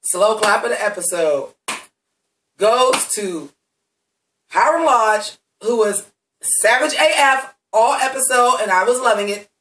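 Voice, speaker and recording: A man's voice: sits high, a little slow, sharp tone, roomy sound, recorded from a distance, low-quality recording. A man giving a blunt, heavily profane recap of a TV episode, talking straight to his viewers. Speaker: TV recap reviewer.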